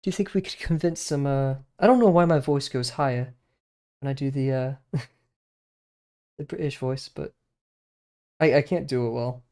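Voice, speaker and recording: A man's voice: medium pitch, moderate pace, pauses often, dark tone. A man streaming himself drawing, thinking aloud in a rambling, hesitant way with lots of fillers and small self-deprecating laughs. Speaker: streamer learning to draw.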